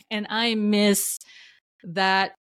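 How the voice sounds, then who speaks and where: A woman's voice: mid-range voice, flat delivery, extremely slow, clean tone, dry recording, clean studio sound. A woman from New Jersey hosting her own podcast, reflecting in a casual, rambling way with frequent laughs. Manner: chatty and warm-hearted, laughs often, loose filler-heavy rambling. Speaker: podcast host.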